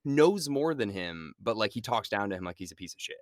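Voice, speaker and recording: A man co-hosting a casual movie-review podcast, animated and quick to act out characters' lines with shouts and swearing. His voice swings widely in pitch. The recording is dry, with no room sound. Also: dry recording. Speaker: podcast co-host.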